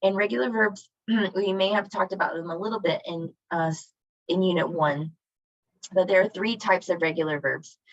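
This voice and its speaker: Woman, online teacher, encouraging, slightly low voice, muffled lo-fi video call sound. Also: normal speed, dry recording. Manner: encouraging, asks students questions. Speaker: Spanish teacher. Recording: dull lo-fi video call audio.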